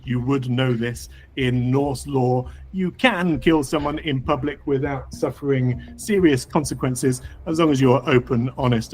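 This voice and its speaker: Slow-talking man running a tabletop game. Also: medium pitch, darkish tone, a little hiss or hum. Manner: measured, explanatory narration. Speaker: game master.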